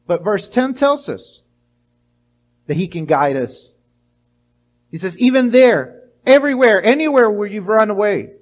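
A high-voiced, middle-aged male pastor preaches a sermon with animation. He acts out little voices and frequently restarts his words.

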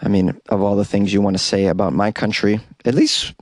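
A man's voice: fairly low pitch, fairly even intonation, fairly quick, darkish tone, dry recording. A man hosting a comedy news podcast, reading stories and cutting in with sarcastic jokes, recorded in a small closet. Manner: sarcastic, joking asides. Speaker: podcast host.

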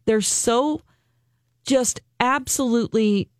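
A woman's voice: on the high side, no room sound. A woman co-hosting a morning talk radio show, chatting expressively in a studio. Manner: expressive, animated, quick to laugh. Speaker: radio co-host. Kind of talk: casual radio chat.

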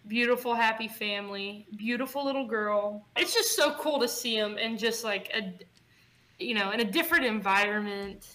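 A woman's voice: on the high side, moderate pace, bright, forceful tone, low-quality recording. A woman co-hosting a podcast in casual chat, bubbly and chatty. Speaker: podcast co-host.

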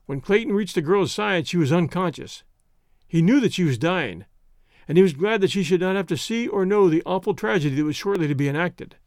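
A man hosting an audio story show and narrating it in a steady, measured way. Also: high-pitched, no echo, studio quality. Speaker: audio story host and reader. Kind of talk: scripted narration.

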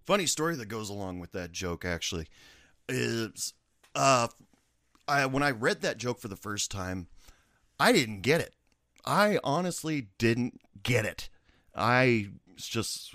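Young male podcast host, lively storyteller with a big, swinging pitch and a dry, close sound. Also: measured pace, no room sound. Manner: animated storytelling, joking. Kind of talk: casual chat.

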